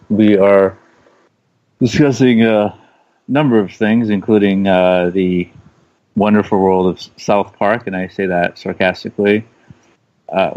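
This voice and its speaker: A man co-hosting a casual radio show, talking in a relaxed, halting way with many fillers. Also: fairly low pitch, no echo, lo-fi sound. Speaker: co-host.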